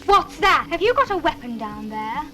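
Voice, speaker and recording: A coy, teasing alien woman in a comedy film. Her voice sits high and breathy, and loud music plays behind her lines. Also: big pitch swings, moderate pace. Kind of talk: 1970s film comedy acting.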